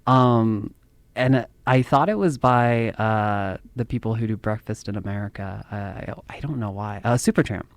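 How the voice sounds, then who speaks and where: A man's voice: on the low side, moderate pace, dry recording. A man hosting a podcast, talking in a casual, rambling monologue and laughing at himself. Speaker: podcast host.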